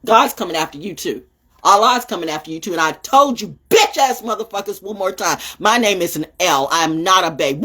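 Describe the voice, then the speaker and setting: Husky, animated woman ranting on her show. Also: a little fast. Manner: blunt, profane, swings between loud outbursts and low muttering. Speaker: podcast host. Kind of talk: casual livestream rant.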